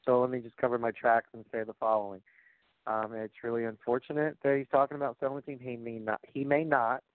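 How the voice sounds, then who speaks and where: A man's voice: medium pitch, flat delivery, quick pace, dry recording. A man hosting a casual wrestling and sports chat show, rambling and joking with lots of fillers. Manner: rambling, filler-heavy, jokey. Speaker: podcast host. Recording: dry, tinny phone-like sound.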